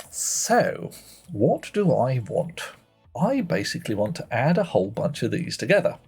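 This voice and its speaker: A man's voice: medium pitch, vocal fry, darkish tone, slightly rough. A man streaming a puzzle game live, thinking aloud in a playful way and muttering to himself as he works.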